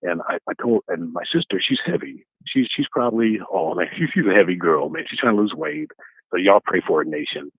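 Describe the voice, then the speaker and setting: A male caller tells a long story in a rambling, casual way. His voice is lowish and husky. It comes through a tinny phone line that strips out the highs. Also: expressive, brisk, no echo. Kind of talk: telling a story on a call-in show.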